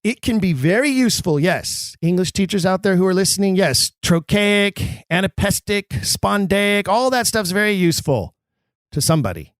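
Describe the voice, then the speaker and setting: A man's voice: high-pitched, sing-song, normal speed, no echo, clean studio sound. A man hosting a podcast, explaining verse to actors in an emphatic way with wry, self-mocking asides. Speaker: podcast host. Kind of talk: explanatory talk on Shakespeare for actors.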